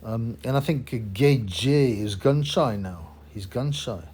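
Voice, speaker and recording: A man's voice: mid-range voice, slow pace, darkish tone, husky. A man, hosting his own boxing channel in a rambling, opinionated casual monologue full of fillers and restarts.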